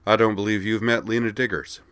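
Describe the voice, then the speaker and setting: A man doing Redneck, a gruff, wry retired admiral. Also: fairly low pitch, little pitch movement, brisk, fairly bright tone, no room sound, close to an everyday voice. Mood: dry. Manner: dry, muttering.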